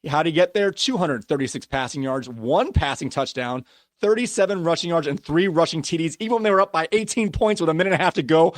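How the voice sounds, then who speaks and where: A man's voice: a little high, expressive, quick pace, no echo, clean studio sound. A man hosting a casual fantasy football podcast, ranting and laughing at himself as he runs through player stats. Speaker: podcast host.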